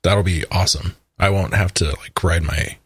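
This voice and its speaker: A man's voice: low voice, fairly even intonation, normal speed, fairly bright tone, slightly rough, dry recording, studio quality. A man co-hosting a casual podcast, laid-back and wisecracking. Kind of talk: casual chat.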